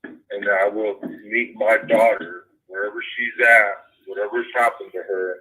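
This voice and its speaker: Man, low pitch, bright forceful tone, preachy and profane, restarting sentences, phone-line audio. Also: fairly even intonation, normal speed, slightly rough. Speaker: caller. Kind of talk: heated phone conversation.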